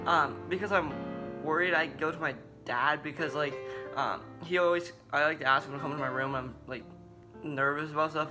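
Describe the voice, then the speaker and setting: A young man talking casually to camera as a vlogger, halting with many fillers and restarts. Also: on the high side, bright, forceful tone. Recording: guitar music in background.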